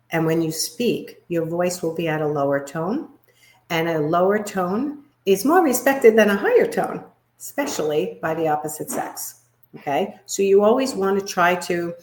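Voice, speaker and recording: A woman body language coach giving a live workshop, talking in a demonstrative way and shifting her pitch and volume to make her points. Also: a little mellow. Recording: echoey room.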